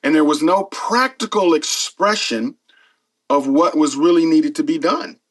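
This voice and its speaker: A middle-aged man speaks in a slightly high voice, a pastor telling stories in a casual interview. He is earnest and grows animated when he acts out what others said. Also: a little slow, poor audio. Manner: earnest, animated when retelling, frequent fillers. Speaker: pastor and former pro football player.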